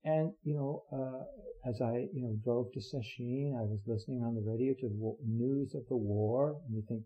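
Halting older man, dull recording. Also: medium pitch. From United States. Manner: earnest, halting, many fillers and restarts. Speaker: Zen teacher. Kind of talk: dharma talk.

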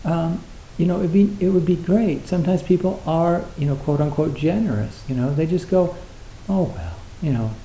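A man's voice: a little high, moderate pace, few pauses, dark tone, echoey room, slight background noise, rough recording. A man giving a reflective, casual talk on Zen, hesitant and full of fillers, acting out little dialogues.

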